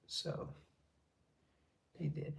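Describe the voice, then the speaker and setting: Slow-talking man answering live chat. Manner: reads chat aloud, drops into whispered asides. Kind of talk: casual live-stream chat.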